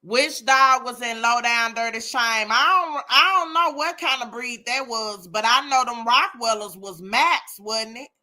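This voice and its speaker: A woman's voice: a little high, measured pace, hardly any pauses, bright, forceful tone. A woman hosting a casual live chat, exclaiming and talking to listeners by name. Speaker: host of a live chat room.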